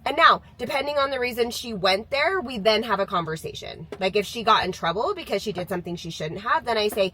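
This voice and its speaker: A woman's voice: a little high, animated, a little fast, few pauses, sharp tone, low-quality recording. Chatty mom in her thirties. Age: 30s. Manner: chatty, candid, laughs while talking. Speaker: mom sharing parenting views. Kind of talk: casual talking-to-camera vlog.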